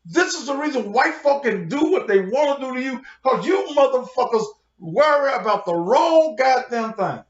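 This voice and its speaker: Cussing pastor guy going off, high voice, echoey muffled lo-fi audio. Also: expressive, moderate pace, few pauses. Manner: heated, confrontational, heavy cursing. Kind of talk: profane livestream rant. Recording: roomy, dull lo-fi sound.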